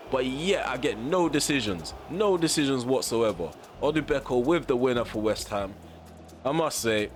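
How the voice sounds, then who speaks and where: Young Londoner narrating his football game. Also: medium pitch. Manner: exasperated ranting at the referee, shouting; calm recap to viewers. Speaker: gaming YouTuber. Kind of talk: gameplay commentary.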